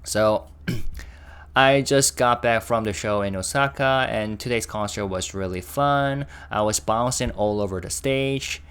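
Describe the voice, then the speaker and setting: A man's voice: lowish voice, measured pace, fairly bright tone, clean tone. A young man hosting a casual reaction video, chatting and stopping often to react and translate. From Korea.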